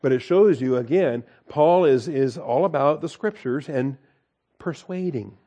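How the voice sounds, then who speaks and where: A man leads a Bible study in a dark, mellow voice. He reads scripture aloud and then adds folksy, conversational asides, often with a chuckle. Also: fairly high pitch, a little slow. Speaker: Bible teacher.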